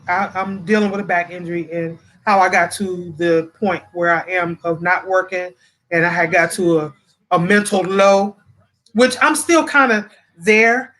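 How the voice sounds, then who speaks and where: A woman's voice: mid-range voice, a bit bright. A woman hosting a casual livestream, close to tears and talking straight to her viewers, often repeating herself. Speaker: livestream host. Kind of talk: casual livestream chat reading comments.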